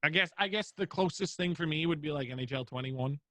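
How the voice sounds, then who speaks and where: A man's voice: a little high, a little fast, bright, forceful tone, no echo. Casual, swearing young man on a podcast. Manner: rambling, filler-heavy, swears freely. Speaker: streamer guest.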